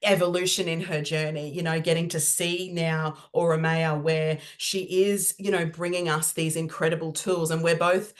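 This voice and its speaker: A woman hosts a casual podcast chat, her voice sitting a little low. She gushes and rambles, piling up "like" and "you know" as she goes. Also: little pitch movement, normal speed, hardly any pauses. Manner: gushing, rambling, heavy use of "like" and "you know". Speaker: podcast host.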